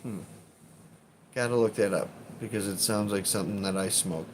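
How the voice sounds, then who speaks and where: A man's voice: fairly low pitch, moderate pace, a loud crowd. A man with a Chicago accent, chatting casually on a live stream and reading comments in a rambling, profane way with frequent laughs. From Chicago, USA.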